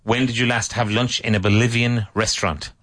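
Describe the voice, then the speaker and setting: A male English teacher runs a conversation class, firing off drill questions, correcting students patiently and praising every right answer. His voice is of ordinary middle pitch, level in tone, a bit bright, and fairly quick.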